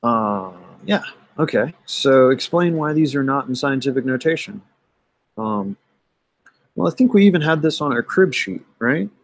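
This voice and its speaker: In a low-quality recording with no room sound, a man teaching math talks through an exam's solutions. His mid-range voice is expressive and conversational, peppered with "um" and frequent "right?" check-ins.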